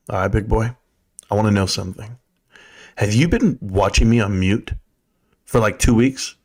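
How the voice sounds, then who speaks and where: Sultry deep-voiced male seducer, breathy murmuring tease, a man hamming it up. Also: close to an everyday voice.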